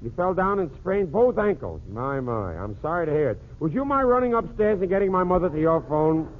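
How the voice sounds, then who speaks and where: High-voiced man doing a radio phone gag. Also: very animated, fairly quick. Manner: wisecracking one-sided phone gag. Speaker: radio show host. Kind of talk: 1940s radio comedy monologue. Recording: tinny old radio broadcast with faint hiss.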